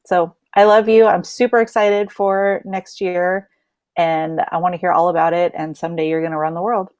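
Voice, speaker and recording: Woman teacher, low voice, halting sincere blessing, dry sound. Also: little pitch movement, darkish tone, dry recording. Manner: halting, many ums, sincere. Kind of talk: heartfelt blessing speech.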